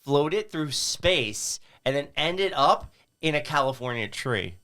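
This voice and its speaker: A man's voice: fairly high pitch, lively intonation, slow, pushed and bright. A man co-hosting a casual movie review podcast while sick, joking around and now and then putting on silly voices. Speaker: podcast co-host.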